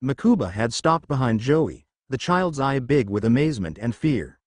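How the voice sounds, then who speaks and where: A man narrating a fan fiction story with expressive storytelling. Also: medium pitch, normal speed, no echo, studio quality.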